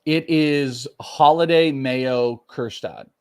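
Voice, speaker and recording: An American man in his forties co-hosts a casual sports chat and gives prospect updates. He talks in a chatty, self-deprecating way. His voice sits at an ordinary mid pitch. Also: takes it slowly, a little mellow, smooth. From United States. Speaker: podcast co-host, prospect analyst. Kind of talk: casual fantasy baseball chat.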